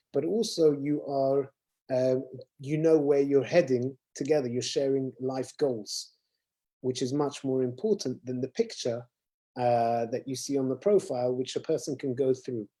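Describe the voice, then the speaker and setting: A man's voice: medium pitch, mellow. A man, a rabbi, explaining ideas earnestly in a casual conversation.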